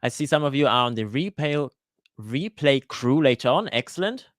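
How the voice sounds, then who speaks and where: A man hosting a live Q&A for his cooking channel, chatting casually and greeting viewers by name, often pausing with "uh" and restarting his sentences. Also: medium pitch, expressive, dry recording, clean studio sound. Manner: hesitant, with frequent "uh" fillers and restarts. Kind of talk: live-stream Q&A chat. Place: lives in Switzerland.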